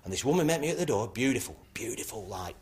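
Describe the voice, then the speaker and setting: An actor playing a brash club comedian, telling rambling anecdotes that end in punchlines. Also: male voice, mid-range voice, expressive, fast, a little mellow, natural voice. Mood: cheeky. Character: brash northern male club comic. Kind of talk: stand-up routine.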